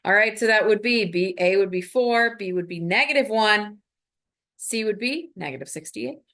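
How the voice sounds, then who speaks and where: A woman's voice: medium pitch, normal speed, fairly bright tone. A woman math teacher recording a lesson, talking students through each step in an upbeat, coaching way.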